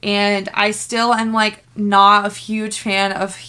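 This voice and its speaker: A woman's voice: mid-range voice, little pitch movement, slow pace, bright, forceful tone, smooth. A young woman chatting in a casual book vlog, bubbly and rambling, full of fillers and laughter. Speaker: book vlogger. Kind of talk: casual reading-reaction vlog.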